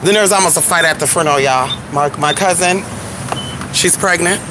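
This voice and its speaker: High-voiced sassy male vlogger, foul-mouthed, voice going, noisy in-car phone recording. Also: a little fast. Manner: sassy, profane, talks to viewers as "y'all" and "honey". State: losing his voice. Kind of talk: casual live-stream chat. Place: in a car at a gas station. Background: car and traffic noise.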